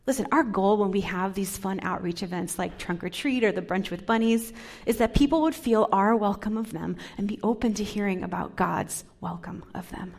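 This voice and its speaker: A woman pastor giving a sermon, talking softly and dropping into whispers to stress her points. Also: medium pitch, normal speed, gravelly. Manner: soft, drops into whispers for emphasis.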